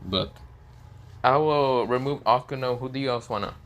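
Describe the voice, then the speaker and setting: A man's voice: mid-range voice, normal speed, fairly bright tone, dull audio, close to an everyday voice. A man voicing a brash male demon lord with a casual, offhand way of talking, in a fan story reading.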